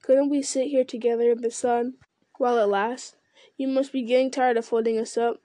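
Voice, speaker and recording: A woman's voice: on the high side, fairly even intonation, normal speed, mellow, no echo, natural voice. A woman reading aloud and voicing a polite, earnest young male hobbit who asks careful questions.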